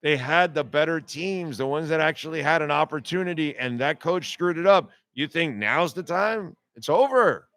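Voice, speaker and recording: A man's voice: on the high side, moderate pace, few pauses, a bit bright, no room sound. A man hosting a sports talk radio show, ranting bluntly and sarcastically with plenty of profanity.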